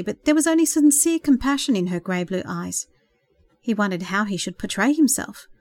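A woman reading a novel aloud in a gentle, expressive storytelling voice, softly acting out the dialogue. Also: mid-range voice, no echo. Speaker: audiobook narrator. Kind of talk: scripted narration.

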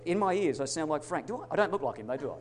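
A man preaching a sermon, emphatic, swinging between loud declarations and hushed asides. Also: a little high, expressive, very fast, a little hiss or hum. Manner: addresses congregation as brothers and sisters.

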